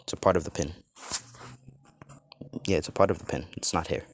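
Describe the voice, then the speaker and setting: A man's voice: low-pitched, brisk, slight background noise. A man improvising a fan-fiction story, rambling with lots of fillers and restarts.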